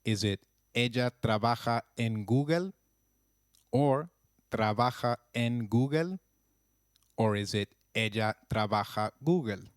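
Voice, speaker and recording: A man narrating a scripted language lesson with slow, clear, encouraging drills. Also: medium pitch, no room sound, studio quality. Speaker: language teacher.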